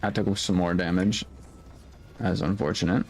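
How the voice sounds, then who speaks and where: A man giving relaxed, unbothered commentary while playing a video game. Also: low voice, moderate pace, faint music behind. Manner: laid-back, unbothered remarks while playing. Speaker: gaming channel host. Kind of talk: casual gameplay commentary.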